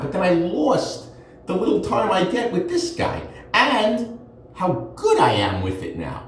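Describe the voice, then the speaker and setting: A man's voice: on the high side, fairly bright tone, heavy reverb, far from the mic, a little hiss or hum. A man, a forensic accountant, rambling sarcastically in a heated monologue while he shaves.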